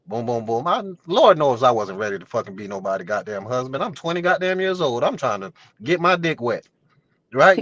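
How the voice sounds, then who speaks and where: A man's voice: medium pitch, fairly bright tone, dry recording, highs cut off. A man in his thirties with roots in a Haitian family, telling a long story on a video call panel. He talks loosely and profanely and keeps asking "you know what I'm saying". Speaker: show host.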